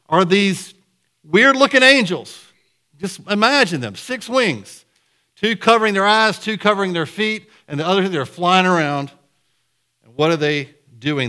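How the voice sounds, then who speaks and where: A man preaching a conversational sermon to a church congregation, lively, with sudden loud bursts. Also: a little high. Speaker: pastor. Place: church sanctuary.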